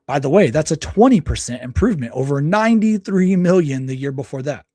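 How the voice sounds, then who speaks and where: A man's voice: fairly high pitch, lively intonation, fairly quick, mellow, no room sound. A man hosting a casual livestream, reading articles aloud and stopping often to reread and correct himself. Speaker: livestream host.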